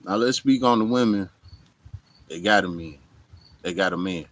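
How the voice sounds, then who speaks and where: A man's voice: sits low, normal speed, rough recording. A man in a casual monologue to camera, blunt and profane, often saying "you know what I'm saying", recorded outdoors. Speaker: vlogger. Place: outdoors in hot weather.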